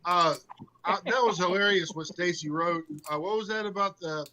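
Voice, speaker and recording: Bright high-voiced man chatting. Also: normal speed, poor audio. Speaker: group member. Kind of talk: casual chat.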